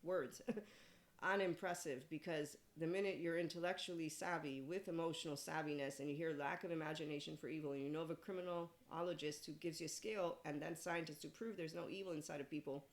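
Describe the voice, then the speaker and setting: Deep-voiced and fairly quick, a woman in her forties hosts a podcast, rambling through an animated spiritual monologue. She laughs a lot and drops in profanity along the way.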